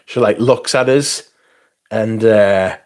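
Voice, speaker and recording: On a casual livestream where he reviews fragrances, a man rambles through crude, profane jokes and reads viewer comments aloud, often restarting his sentences. His voice sits on the low side, a little mellow, and he talks at a slow pace.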